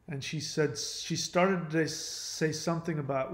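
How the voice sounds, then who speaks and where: Man, higher voice, earnest confiding talk, restarts often, echoey room. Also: steady tone, unhurried, hardly any pauses. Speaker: channel host. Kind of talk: casual personal talk to camera.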